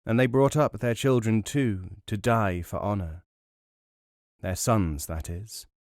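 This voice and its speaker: A man narrating a novel as an audiobook in a measured, dramatic storytelling manner. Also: lowish voice, a little mellow, dry recording, clean studio sound.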